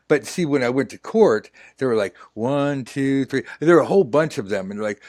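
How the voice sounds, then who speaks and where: A man's voice: mid-range voice, expressive, brisk, hardly any pauses, darkish tone, dry recording, studio quality. A man hosting a tarot lesson game, chatting in a jokey, rambling way while playing a dating role-play. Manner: jokey, rambling, breaks into laughter.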